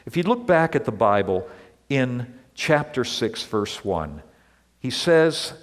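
A male pastor preaching a sermon in an earnest, deliberate way, leaning on repeated words, in a church sanctuary. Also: mid-range voice, very animated. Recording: long reverb of a large hall.

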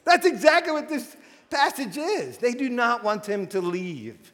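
A man's voice: extremely high pitch, very animated, a little slow, a bit bright. A man preaching a sermon as a pastor, telling stories animatedly with frequent restarts. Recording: long hall reverb.

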